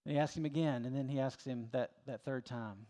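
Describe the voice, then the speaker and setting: A man's voice: medium pitch, steady tone, brisk, dark tone. A middle-aged man preaching a sermon as pastor, in a folksy, conversational way with plenty of filler words.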